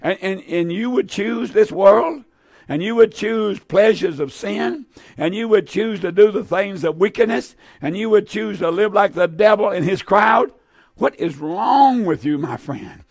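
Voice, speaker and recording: A man's voice: high-pitched, measured pace, creaky, dry recording, studio quality. An older man preaching a fervent sermon with an altar call, pleading with many "uh" fillers and sometimes drifting into song.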